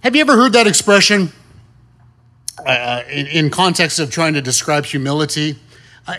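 Male pastor, casual folksy sermon, slightly high voice. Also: big pitch swings, moderate pace, sharp tone. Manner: conversational, folksy, with many fillers and rhetorical questions.

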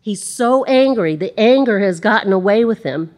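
A woman's voice: mid-range voice, animated, normal speed, darkish tone. A woman giving a conversational sermon, reading scripture aloud and adding chatty asides. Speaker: Bible teacher.

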